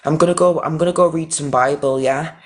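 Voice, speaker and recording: A man's voice: fairly high pitch, fairly even intonation, brisk. A man hosting a live stream, indignant and emphatic, restarting his sentences.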